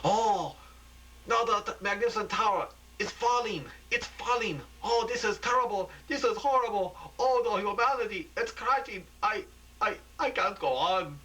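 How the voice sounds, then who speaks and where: A man voicing a frantic male TV field reporter, breathless and rising to near-shouting. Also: on the high side, expressive, moderate pace, pitched above the performer's own voice, poor audio. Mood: horrified.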